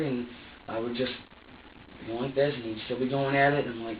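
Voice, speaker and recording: A man talks in an agitated, profane rush, halting and restarting as he recounts what happened. His voice sits at a middling pitch and is picked up from a distance. The low-fi recording is roomy and muffled, with faint noise underneath. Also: steady tone. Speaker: suspect in an interrogation. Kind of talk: recounting events to an interviewer. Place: interrogation room.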